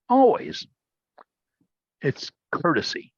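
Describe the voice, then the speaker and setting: A man's voice: medium pitch, lively intonation, moderate pace, no echo. A man hosting a casual video-call meeting, telling a rambling story with many restarts. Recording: dull, dry video-call audio.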